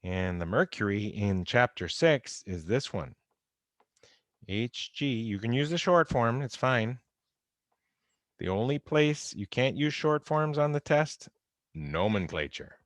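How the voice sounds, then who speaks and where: A man's voice: medium pitch, animated, takes it slowly, dry recording. A man giving an informal, wry recorded chemistry lecture, going over exam answers and talking straight to his students. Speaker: chemistry instructor. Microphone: close computer mic on a video call recording.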